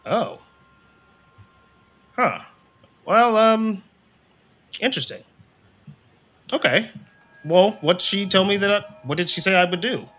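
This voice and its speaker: A man's voice: high voice, expressive, takes it slowly, pauses often, pushed and bright, pitched above the performer's own voice, full character voice. A man voicing an easygoing, rambling male figure who hesitates a lot. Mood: puzzled. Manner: casual, rambling, hesitant with fillers.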